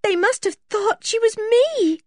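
A woman's voice: moderate pace, no room sound, studio quality, close to an everyday voice. A woman voicing a tearful, frightened young girl in a storybook reading. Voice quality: high and strained.

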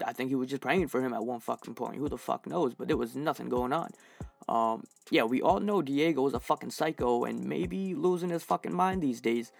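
Gravelly, profane man ranting on a podcast. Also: mid-range voice. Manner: profane, heated, many fillers. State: recovering from infection, dehydrated. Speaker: podcast host reviewing fights. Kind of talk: casual solo podcast rant.

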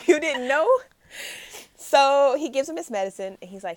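Animated woman with a lively voice. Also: high-pitched, normal speed, pauses often, a crowd in the background. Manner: animated storyteller, acts out characters' lines, laughs often. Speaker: podcast co-host recapping a series. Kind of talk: casual chat.

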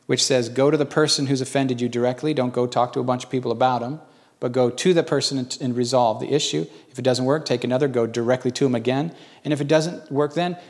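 A middle-aged man preaching a sermon as pastor, telling stories in a folksy way with animated bursts when quoting others. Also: medium pitch.

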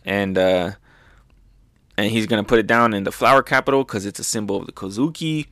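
A young man casually recapping manga chapters, excited and loose, with lots of fillers. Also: on the low side, fairly quick, no room sound. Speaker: manga reviewer.

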